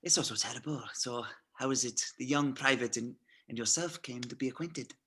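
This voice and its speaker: A man reading the part of a suave, menacing SS colonel in an amateur script reading, soft and toying, with a husky voice. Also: medium pitch, a little fast. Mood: probing.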